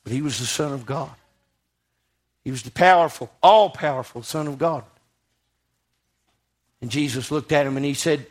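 A man's voice: medium pitch, normal speed, long pauses. A man preaching a sermon in a church, rising to fervent passages and putting questions to his congregation.

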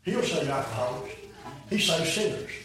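An older man preaches in a high, ringing voice, jumping from shouts to hushed, folksy asides. He sounds set back from the microphone in a very echoey hall. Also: animated, normal speed, background noise. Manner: swings between shouted peaks and low, quiet asides; folksy plain-spoken preaching. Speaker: preacher giving his testimony. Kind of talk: fiery sermon. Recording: echoey room, voice from a distance.

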